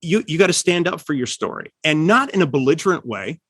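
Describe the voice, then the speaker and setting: A man with a slightly raised, husky voice chats about writing and swings his pitch widely as he plays out what others say. The sound is close and dry, with no room around it. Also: fairly quick, no echo. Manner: animated, acts out quoted lines with pitch jumps. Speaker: writer and podcast host. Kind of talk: casual podcast chat giving writing advice.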